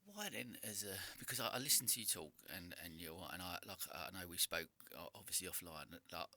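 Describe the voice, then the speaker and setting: A British man hosting a podcast, asking long, searching questions with halting restarts. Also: low-pitched, expressive, bright, forceful tone, no room sound. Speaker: podcast host. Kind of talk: casual podcast interview.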